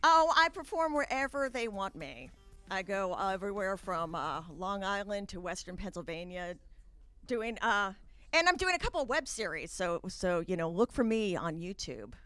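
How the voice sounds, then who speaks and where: A woman doing a stand-up comedy set with a brisk, conversational delivery and wry asides. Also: medium pitch, very animated, a bit bright, clean tone, faint music behind. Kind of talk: stand-up set, then a short chat with the host.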